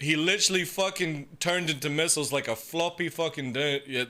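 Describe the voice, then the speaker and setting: A young man streaming a game, ranting casually and profanely, and mocking others in quick put-on voices. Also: on the high side, sharp tone. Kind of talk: casual live-stream rant.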